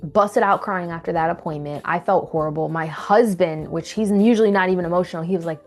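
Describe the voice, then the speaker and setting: A young woman telling a personal story to camera in a candid, animated way, acting out what people said. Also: fairly low pitch, a little fast, few pauses, faint music behind. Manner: candid, animated retelling with acted quotes. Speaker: vlogger.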